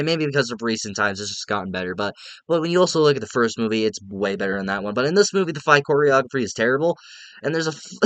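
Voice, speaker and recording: A male film reviewer chatting casually to his viewers, circling back to the same points and chuckling at what he criticizes. His voice is bright and crisp, and the recording is dry, with no room sound. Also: mid-range voice, a little fast, dry recording. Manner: rambling, repeats himself, laughs at what he reviews.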